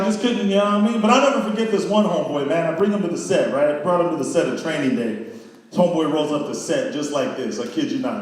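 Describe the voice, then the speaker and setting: Slangy stand-up man in an echoey hall. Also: sits high. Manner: loose, slangy storytelling, acts out friends' voices. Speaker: comedy show host. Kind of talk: stand-up comedy with character bits. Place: church hall with a live audience. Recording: echoey hall, far from the mic, crowd noise. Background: audience laughter.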